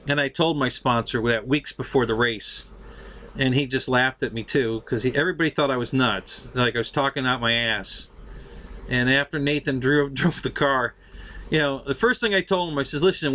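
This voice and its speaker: A man's voice: medium pitch, pushed and bright, a little hiss or hum. A middle-aged man telling a story casually, laughing often, swearing freely, and acting out what people said. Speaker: show host telling a story.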